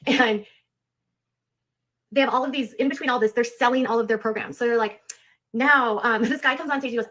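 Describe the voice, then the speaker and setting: A woman's voice: fairly high pitch, fairly even intonation, fairly quick, long pauses, fairly bright tone. A woman chatting casually on a live stream, sarcastic and full of fillers. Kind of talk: casual chat.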